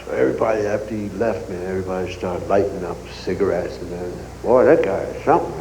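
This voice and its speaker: A man's voice: deep voice, fast talker. Forties guy doing stand-up, acts it all out, echoey theater, crowd noise behind. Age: 40s. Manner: animated, acts out scenes and voices. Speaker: stand-up comedian. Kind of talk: stand-up storytelling. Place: large theater stage, live show.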